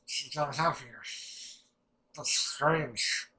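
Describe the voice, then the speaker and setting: A young man rambling excitedly through a casual reaction commentary, swearing freely and restarting his sentences. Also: fairly high pitch, takes it slowly, low-quality recording. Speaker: anime reaction channel host.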